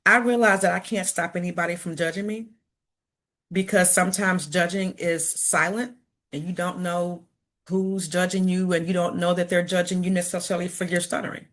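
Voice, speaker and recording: A woman with a slightly low voice gives a motivational talk. She stutters, repeating sounds and words, and speaks in an earnest, reflective way that turns slow and deliberate at times. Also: steady tone, fairly bright tone. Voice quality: stutters, with sound and word repetitions. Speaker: school principal and speaker.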